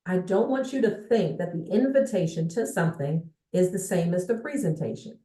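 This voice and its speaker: A woman's voice: lowish voice, expressive, normal speed, mellow. A woman giving a motivational sales coaching talk to viewers, emphatic and often checking in with her audience. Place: indoor room with a bookshelf behind her. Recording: echoey room.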